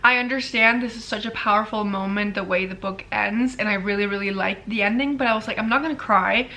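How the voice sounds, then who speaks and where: A woman's voice: medium pitch, steady tone, brisk, pushed and bright. A young woman vlogging to camera about a novel she is reading, chatty and gushing, with many fillers. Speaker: book vlogger. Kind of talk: casual chat to camera.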